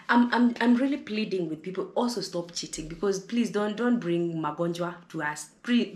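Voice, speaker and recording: A woman's voice: fairly low pitch, a little mellow, reverberant. A Kenyan woman vlogger speaking to camera in an impassioned monologue, fiery and preachy, often repeating words as she gets heated.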